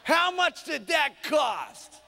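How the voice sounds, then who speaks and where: Man doing a shouting grumpy husband. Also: very high-pitched, very animated, a little slow, vocal fry, heavily acted. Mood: outraged. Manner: shouting, outraged. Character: loud, grumpy beer-drinking male mechanic husband.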